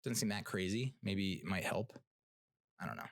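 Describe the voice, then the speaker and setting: A man's voice: low voice, normal speed, no room sound, studio quality. A man hosting a podcast, talking in a rambling, casual way with lots of fillers and restarts, blunt and sometimes profane. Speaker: podcast host. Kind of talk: casual solo rant and TV review.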